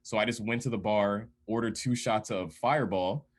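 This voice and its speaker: A man's voice: fairly low pitch, moderate pace. A man telling casual anecdotes among friends, laughing often and acting out quoted lines. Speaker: DJ and podcast guest. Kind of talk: casual storytelling chat.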